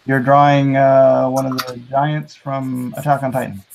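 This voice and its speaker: A man's voice: medium pitch, level tone, measured pace, vocal fry, a little hiss or hum. A man hosting a casual livestream chat, joking and laughing often. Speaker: host.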